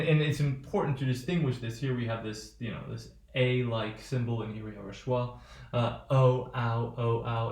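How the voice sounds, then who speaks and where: A man's voice: mid-range voice, a little mellow. Man teaching phonetics in an echoey room. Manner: halting, many fillers and restarts. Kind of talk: recorded lecture.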